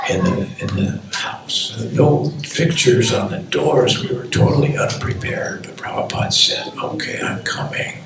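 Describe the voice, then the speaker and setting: Old american guy reading his book out loud, slow and lively, far off in a really echoey hall. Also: mid-range voice, background noise. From United States. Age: 80s. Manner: slow, measured reading with quoted speech. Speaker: author reading from his memoir. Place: temple hall at a book launch.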